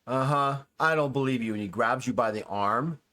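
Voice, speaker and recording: A man's voice: mid-range voice, sharp tone. A man narrating as game master of a tabletop role-playing game, rambling with many fillers. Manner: rambling, full of fillers, voices characters in quick asides.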